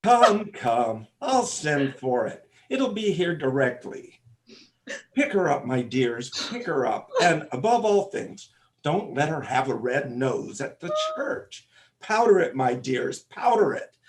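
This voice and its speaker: Guy doing a fussy pompous dad, bit high, voice swoops all over. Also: big pitch swings, slow pace. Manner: pompous, fussing. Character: fussy pompous father of the bride. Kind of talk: stage comic opera acting.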